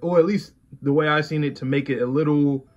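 Co-hosting an anime reaction channel, a man chats casually, rambling loosely with plenty of fillers. His voice is on the high side and steady in tone, fairly quick, with the highs cut off in the recording.

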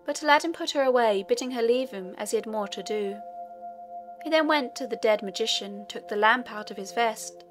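A woman narrating a fairy tale audiobook in a steady storytelling manner. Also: on the high side, fairly quick, faint music behind.

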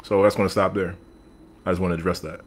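A man's voice: low voice, quick pace. Opinionated male sports podcast host. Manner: animated, opinionated, talks straight to the audience. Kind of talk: casual sports talk monologue. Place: room with a team flag on the wall.

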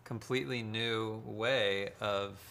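A man talking as a guest in a live chat, measured and probing, asking follow-up questions. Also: on the low side, fairly even intonation, vocal fry, pushed and bright. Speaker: guest, empath and author. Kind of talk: conversational interview.

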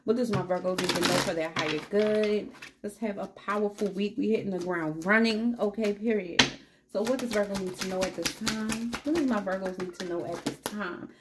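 A woman's voice: mid-range voice, a little fast, very noisy. A woman giving a casual tarot reading, upbeat and encouraging, chatting straight to her viewers, with a cat meowing in the background. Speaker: tarot reader.

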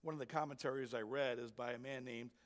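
A man's voice: mid-range voice, fairly even intonation, fast. A man preaching a sermon as pastor, emphatic and asking his congregation rhetorical questions. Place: church sanctuary.

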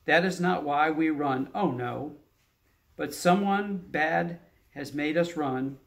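A man's voice: on the high side, takes it slowly, vocal fry. A man voicing a protective mother cow, in a plain storybook reading voice. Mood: fearful.

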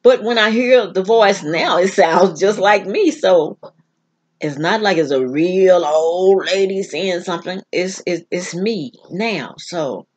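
A woman telling a personal story on her vlog in an earnest, halting way, often restarting. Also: lowish voice, breathy edge. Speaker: vlog host.

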